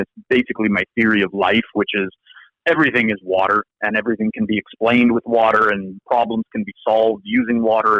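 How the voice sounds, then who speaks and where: A man's voice: lowish voice, no echo, lo-fi sound. A man with an American accent, a law professor being interviewed, telling stories animatedly and often restarting phrases. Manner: animated, restarts phrases, voices others in quotes. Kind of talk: conversational interview storytelling.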